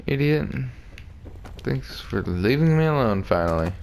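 Gravelly slow-talking gamer. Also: male voice, on the low side, slight background noise. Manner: joking, crude, talks back to the game. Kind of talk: casual let's play commentary.

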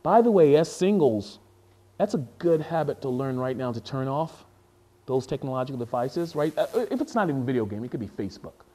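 A man preaching a sermon as a pastor, animated and jokey, often stopping to repeat and restart his words. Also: mid-range voice, a little fast.

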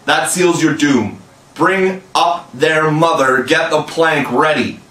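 A blustering, menacing pirate captain bellows his orders in a loud, raised voice, as a male narrator puts him on. He sounds set back from the mic in an echoey room. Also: fairly high pitch, measured pace, far from the mic, pitched above the performer's own voice, close to an everyday voice. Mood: roaring. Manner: roaring, raised commanding shouts.

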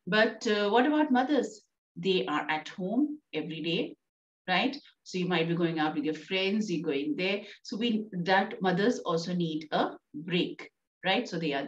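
Indian English woman teacher, roomy sound. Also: mid-range voice. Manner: coaxing, checks with "right?" often. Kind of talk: classroom lesson explaining a play. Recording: distant, roomy, dull sound.

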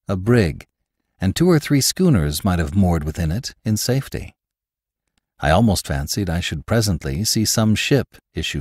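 A man hosting a podcast, reading a classic novel aloud in a measured, expressive way. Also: low-pitched, no room sound, clean studio sound. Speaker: host and narrator. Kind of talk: audiobook narration of a classic novel.

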